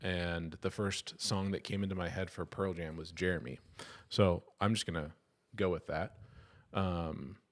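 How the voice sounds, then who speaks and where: A man's voice: low voice, fairly even intonation, unhurried. A middle-aged man co-hosting a casual podcast chat, joking and easygoing. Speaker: podcast co-host.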